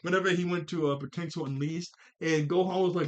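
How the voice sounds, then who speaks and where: A man giving a casual anime review, excitable and rambling, with frequent restarts and laughs. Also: fairly high pitch, fast talker. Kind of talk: casual commentary.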